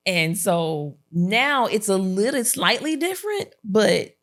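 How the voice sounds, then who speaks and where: A woman's voice: mid-range voice, takes it slowly. A woman hosting a podcast in a casual sit-down chat, telling stories and acting out quotes with frequent laughter. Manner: lively storyteller who acts out quotes and laughs often. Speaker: podcast host.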